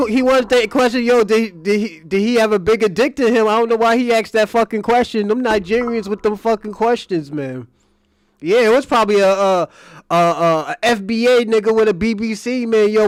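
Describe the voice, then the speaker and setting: A man's voice: high voice, moderate pace, smooth, no room sound, clean studio sound. A man hosting a live stream, telling crude stories in casual talk and laughing often.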